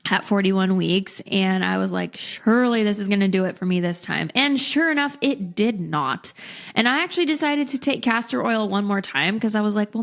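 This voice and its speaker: A young adult woman, a podcast guest, telling a personal story in a candid, expressive way and acting out what people said. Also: mid-range voice. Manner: candid, expressive, acts out quotes. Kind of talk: casual storytelling.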